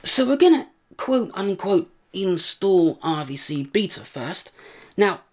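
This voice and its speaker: A man giving a casual, self-deprecating software tutorial through an AI voice changer. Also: sits high, very animated, takes it slowly. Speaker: tutorial host.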